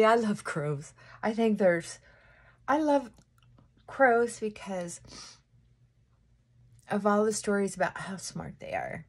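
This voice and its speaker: Casting: a slightly husky woman for a rambling, chatty makeup vlog, self-interrupting, mid-pitched. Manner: rambling, self-interrupting, with frequent laughs and sighs. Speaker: lifestyle vlogger. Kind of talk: casual get-ready-with-me chat.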